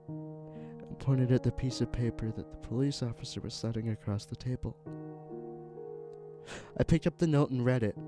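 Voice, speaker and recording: A man narrating a first-person horror story in an earnest, halting way, with small restarts. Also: mid-range voice. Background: music.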